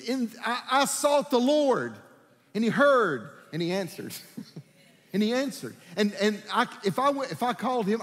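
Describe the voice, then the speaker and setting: A male pastor preaching a sermon, telling personal stories with lively delivery and acting out the voices of people in them. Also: high voice, big-room sound. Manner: animated, acts out voices in his stories. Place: church sanctuary.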